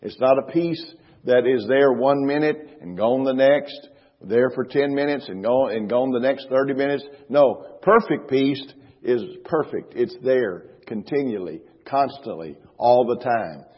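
Husky-voiced preacher in an echoing hall. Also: male voice, medium pitch. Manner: emphatic preaching, slows and stresses scripture, repeats phrases. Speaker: pastor. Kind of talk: sermon. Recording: reverberant hall, dull lo-fi sound.

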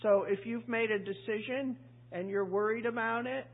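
A woman's voice: a little high, steady tone, normal speed, gravelly. A woman preacher giving a chatty, conversational sermon, asking the congregation questions and acting out voices. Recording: tinny phone-like audio.

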